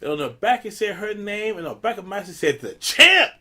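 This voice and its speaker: A man's voice: high-pitched, a little fast. A man hosting a casual podcast, telling a story with lots of laughter and loose slang. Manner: animated storyteller, laughs often. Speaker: podcast host.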